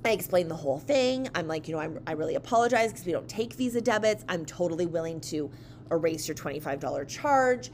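Woman telling a story, animated. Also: fairly low pitch, fast, slight background noise. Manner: animated, acts out quoted voices. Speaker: dance studio owner. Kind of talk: casual storytelling chat.

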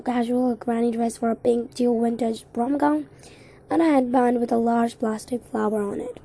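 Amateur woman reader, gravelly, husky, dark tone, narrating a mystery. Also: fairly high pitch, low-quality recording. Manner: unpolished read with slips and restarts. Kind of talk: reading a mystery novel aloud.

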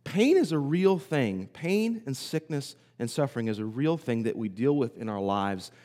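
A man preaching a sermon, telling a story in a conversational way and pausing often. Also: medium pitch, lively intonation, dark tone. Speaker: pastor. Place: church sanctuary. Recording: hall reverb.

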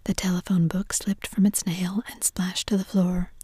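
Woman reading, whispered role-play, breathy husky whisper, dark mellow tone, dry close sound. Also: fairly low pitch, normal speed, no echo. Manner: soft, even whispered reading. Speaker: reader.

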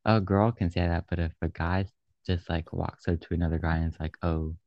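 A man with a very low, gravelly voice, answering a friend in short wry replies. His tone is dark, and the recording is dry and a bit dull. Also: fairly even intonation, fairly quick, no echo. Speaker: friend chatting. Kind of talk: casual chat.

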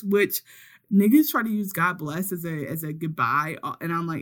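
Podcast co-host, woman with a lower voice, lively storyteller who acts out every quote. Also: normal speed. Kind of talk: casual recap chat.

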